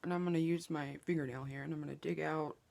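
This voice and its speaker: A woman talks through her makeup routine in a relaxed, chatty way. Her voice sits low and has a gravelly fry. She jokes about herself and often drops into a soft whisper while she works. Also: quick pace. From Southeast Oklahoma, US. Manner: chatty and self-joking, drops to a whisper while applying products. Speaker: beauty vlogger. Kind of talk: casual makeup tutorial chat. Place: home makeup table with window open.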